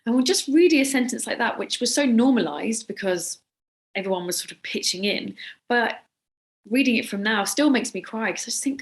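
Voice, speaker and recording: A woman's voice: mid-range voice, a little fast. A woman interviewing a guest, speaking in an earnest, reflective way. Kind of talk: interview conversation.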